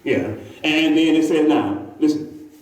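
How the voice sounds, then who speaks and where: A man's voice: a little high, a little slow, darkish tone. A man preaching a sermon in a church, talking with the congregation and often repeating himself. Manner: conversational preaching, calls to the congregation, many repeats. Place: church sanctuary. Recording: echoey church from far off.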